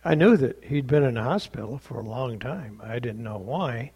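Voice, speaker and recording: A man's voice: medium pitch, expressive, normal speed, darkish tone, breathy edge, highs cut off. A man pastor telling a story in a sermon, plainly and conversationally, acting out the dialogue.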